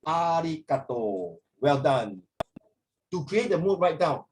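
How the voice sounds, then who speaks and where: A man's voice: on the high side, very animated, slow pace, a little hiss or hum, rough recording. A man teaching a casual lesson, switching between English and Mandarin and teasing his students. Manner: playful, teasing.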